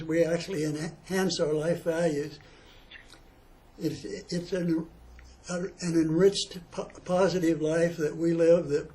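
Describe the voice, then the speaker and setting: A man speaking in a measured, slightly halting way in a casual talk. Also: a little high, dark tone.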